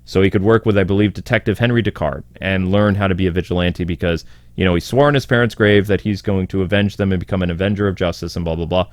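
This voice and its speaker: A lower-voiced man hosting a comic book commentary, talking in a lively, sarcastic, exasperated way. He riffs freely and jumps into quick voices for the characters he quotes. The recording is dry and close, with no room sound. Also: no room sound. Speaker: comic book video host. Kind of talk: casual opinion commentary.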